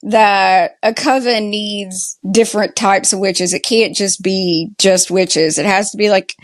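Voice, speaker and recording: A woman's voice: medium pitch, steady tone, dry recording. A woman with a Southern US accent, co-hosting a casual podcast recap of a TV show and talking with many "like" fillers. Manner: slow, chatty, lots of "like" fillers. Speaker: podcast co-host.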